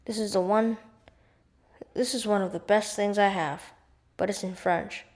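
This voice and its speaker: A woman reading as a kindly older gentleman. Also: medium pitch, fairly even intonation, unhurried, natural voice. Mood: friendly. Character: kindly older gentleman sharing his books.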